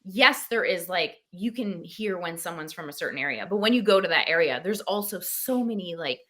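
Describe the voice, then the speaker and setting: Bright-voiced chatty actress guest. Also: female voice, fairly low pitch, fairly quick. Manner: chatty, laughs easily, animated. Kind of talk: casual interview chat.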